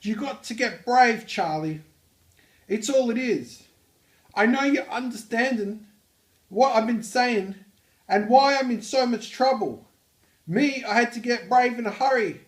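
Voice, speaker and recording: Jasper a shrill overblown Australian teen. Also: male voice, reverberant. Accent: exaggerated put-on Australian. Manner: shrill, overblown dramatic reading. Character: brash teenage outback boy, tough and world-weary.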